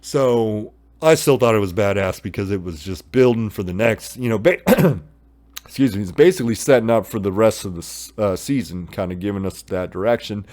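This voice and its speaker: A man's voice: lowish voice, expressive, moderate pace, a little mellow. A man in his thirties giving a loose, profane, filler-heavy review of a TV episode. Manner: loose and profane, many fillers, retells scenes in voices. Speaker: TV show reviewer. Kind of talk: casual rambling episode review.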